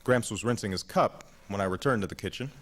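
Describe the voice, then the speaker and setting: A man in his thirties reads his own memoir aloud in a measured, reflective audiobook narration. His voice sits low and steady, unhurried and thoughtful. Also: low-quality recording. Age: 30s.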